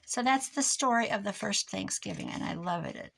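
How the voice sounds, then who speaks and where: Chatty older woman with a creaky voice. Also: medium pitch, lively intonation, moderate pace, fairly bright tone. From United States. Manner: rambling, chatty, talks while working. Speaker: craft vlogger. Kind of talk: casual chat while crafting.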